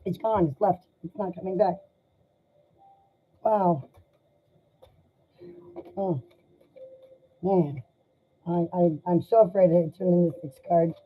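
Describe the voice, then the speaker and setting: Husky woman giving an emotional tarot reading. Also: lowish voice, fairly even intonation. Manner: emotional, sympathetic, halting. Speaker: tarot reader. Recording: dull lo-fi sound.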